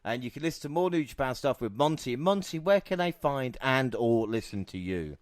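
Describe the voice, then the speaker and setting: A man's voice: mid-range voice, animated, brisk, dry recording. Man, podcast host, casual banter, laughs a lot, swears, dry close sound.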